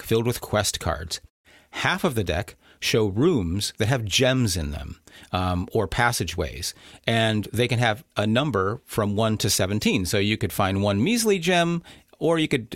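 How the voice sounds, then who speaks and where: Lively, low-voiced male podcast co-host. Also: dry recording, clean studio sound. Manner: explanatory, chuckles at his own slips. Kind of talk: casual chat explaining a board game.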